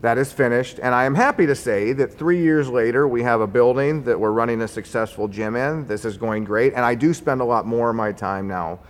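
A man telling a personal story in a conversational, wry way, getting animated as he recounts it. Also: mid-range voice, a little fast, hardly any pauses. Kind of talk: personal story told to an audience. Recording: long hall reverb.

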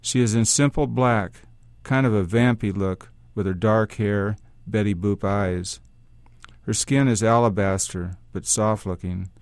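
Guy reading a story in first person, wry hard-boiled tone, lowish voice, dry close sound. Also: measured pace, darkish tone, no room sound. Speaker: story reader.

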